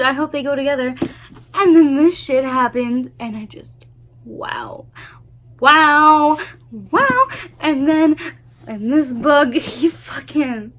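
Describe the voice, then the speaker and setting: Speaking in a high, fairly bright voice, a woman reviews a novel series on her book vlog, spoilers included. Her take is gushing and emphatic, with frequent swearing and repeated exclamations.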